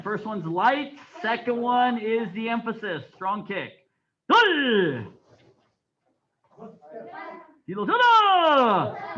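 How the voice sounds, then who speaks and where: A man teaching a taekwondo class, counting aloud in Korean and giving sharp commands between calm explanations. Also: sits high. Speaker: taekwondo instructor. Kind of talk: teaching a martial arts class. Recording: dull lo-fi sound.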